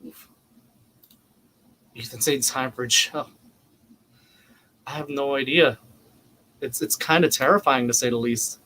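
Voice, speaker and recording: A man co-hosting a live wrestling watch-along, reacting emotionally and excitedly as events unfold on screen. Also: mid-range voice, unhurried, long pauses, a little hiss or hum. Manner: excitable, reacts loudly and swears; anxious, emotional live commentary.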